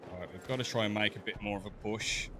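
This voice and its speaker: A man with a softened Black Country accent chatting casually while streaming a game, laughing often and stumbling over his words. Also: lowish voice, steady tone, fast talker, slight background noise. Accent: Black Country English, softened. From English West Midlands. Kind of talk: casual chat while gaming.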